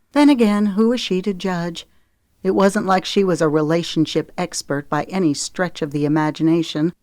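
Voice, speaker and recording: A woman narrating an audiobook in a steady, even storytelling voice. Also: lowish voice, no echo, clean studio sound.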